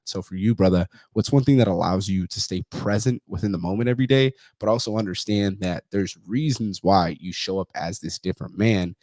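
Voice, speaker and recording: A man's voice: deep voice, a little mellow, dry recording. A man in his thirties from California, hosting a podcast and telling personal stories in a profane, casual way, acting out the voices of people he quotes. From California, USA.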